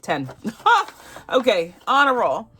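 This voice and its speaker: A woman from Barbados talks through a savings challenge in a relaxed, chatty vlog. She giggles often and keeps a friendly, easygoing flow. Her voice sits at a middle pitch for a woman. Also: normal speed, slight background noise. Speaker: budgeting channel host.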